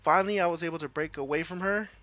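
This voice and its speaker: Young male streamer, fairly high voice, loose rambling storyteller who stumbles and restarts. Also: racing. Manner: rambling, animated retelling with fillers and restarts. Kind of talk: casual storytelling.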